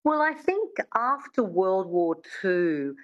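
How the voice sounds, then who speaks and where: A woman who works as an accent coach, explaining things in a measured way as a guest on a radio interview. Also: medium pitch, big pitch swings, lo-fi sound.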